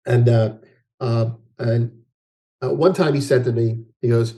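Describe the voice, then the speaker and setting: Male guest analyst, conversational, mid-pitched, rambling with restarts. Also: steady tone, unhurried, mellow. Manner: rambling with many restarts and fillers. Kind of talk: conversational interview.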